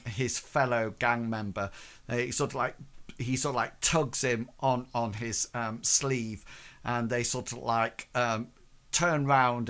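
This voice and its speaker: A man's voice: mid-range voice, fairly bright tone. A man narrating a tabletop game as game master, hesitant and full of fillers.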